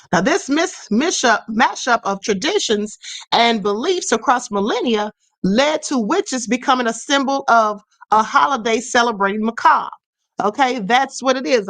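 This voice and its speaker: A woman with a bright, forceful voice hosts a live stream, talking her viewers through the subject in a chatty, conversational way. She keeps checking in with "okay" and reads comments aloud as they come. Her voice sits fairly high, and the sound is dry and close. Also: no echo. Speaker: host of a spirituality live stream.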